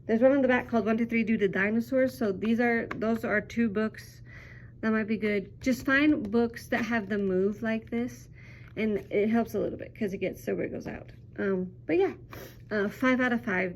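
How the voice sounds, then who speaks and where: A woman's voice: on the high side, fairly even intonation, normal speed, a little hiss or hum. Chatty upbeat woman reviewing a book. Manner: chatty, upbeat, frequent ums. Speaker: teacher reviewing a children's book. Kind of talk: casual book review vlog.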